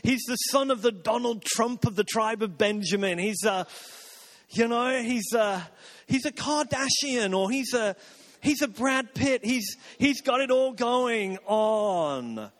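A man's voice: extremely high pitch, lively intonation, measured pace, fairly bright tone. A man preaching a sermon in a conversational, rambling way, with asides and restarts. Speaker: pastor.

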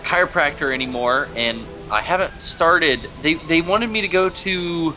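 A man's voice: on the high side, measured pace, sharp tone, soft background music. A laid-back man from San Diego chatting casually on a podcast. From San Diego, California.

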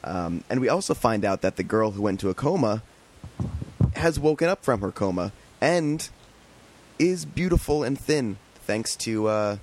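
Wry man with a lowish voice. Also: expressive, normal speed. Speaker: podcast co-host. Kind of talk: casual chat.

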